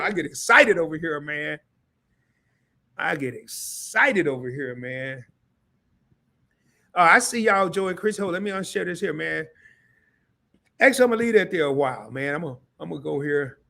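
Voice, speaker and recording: A man with a slightly high voice hosts a casual live stream, speaking straight to his viewers. He is excitable and keeps repeating himself and starting his sentences over. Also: moderate pace, vocal fry. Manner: excitable, talks straight to the chat; repeats himself, restarts often.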